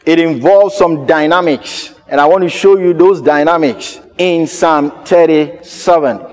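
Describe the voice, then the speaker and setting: A man's voice: fairly high pitch, measured pace. Emphatic preacher man, echoing hall. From Ghana. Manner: emphatic, repeats key phrases. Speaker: pastor. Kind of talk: sermon.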